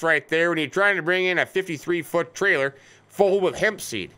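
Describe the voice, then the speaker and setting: A man's voice: fairly high pitch, moderate pace, pushed and bright, clean tone. A middle-aged American man casually commenting on a farming game, joking and talking to imaginary companions. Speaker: let's play host. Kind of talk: casual game commentary with role-play banter. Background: faint game vehicle sounds.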